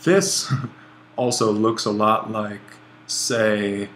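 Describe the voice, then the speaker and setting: A man teaching a grammar lesson over a screencast, relaxed and thinking aloud as he writes, often correcting himself. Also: lowish voice, extremely slow, slight background noise. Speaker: Greek language instructor.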